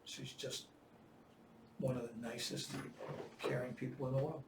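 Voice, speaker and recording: A man in his seventies telling war-veteran stories in casual chat, profane and animated. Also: medium pitch, unhurried, roomy sound, far from the mic, heavy background noise. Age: 70s. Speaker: veteran storyteller.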